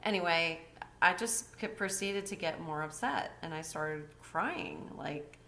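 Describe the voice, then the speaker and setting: A woman's voice: sits low, measured pace, vocal fry, bright, forceful tone, a little hiss or hum. A woman life coach telling a personal story in a candid, chatty way, often breaking into laughs.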